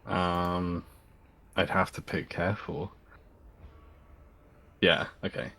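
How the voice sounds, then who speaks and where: Slow, hesitant male player. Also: low voice, flat delivery, vocal fry, background noise. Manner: hesitant, thinking aloud. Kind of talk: playing a tabletop game.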